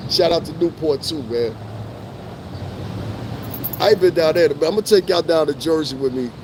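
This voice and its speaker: Profane fast-talking man livestreaming outdoors. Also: a little high, noisy background. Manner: profane, loose street talk with laughs. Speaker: livestream host. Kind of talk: casual live-stream chat to viewers.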